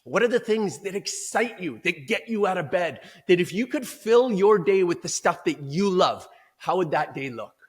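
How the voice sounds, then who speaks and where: A man speaking as a performance coach in an interview, talking in an emphatic, energetic, motivational way. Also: sits high, normal speed, few pauses, husky.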